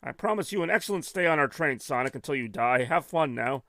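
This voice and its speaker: A man's voice: on the high side, lively intonation, brisk, sharp tone, no room sound. A man voicing an overly courteous male train steward in a game.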